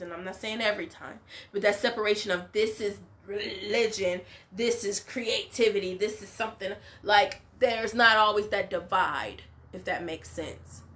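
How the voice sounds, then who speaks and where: A woman's voice: medium pitch, bright, forceful tone. A woman hosting a casual reality show recap, opinionated and emphatic, full of "like" and "you know". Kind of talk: casual reaction commentary.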